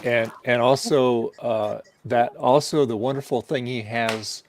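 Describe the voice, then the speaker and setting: A man's voice: mid-range voice, steady tone, a little slow, a little hiss or hum. A man hosting a casual livestream chat over a video call, easygoing and laughing often.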